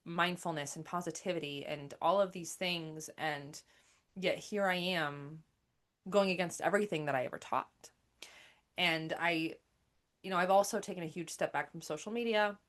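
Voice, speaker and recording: A woman's voice: deep voice, fairly bright tone. A middle-aged woman and spiritual teacher talking candidly about her own life, rambling with many restarts and fillers. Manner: rambling, emotional, frequent "like" and restarts. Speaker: spiritual teacher and single mother. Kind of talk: candid personal talk.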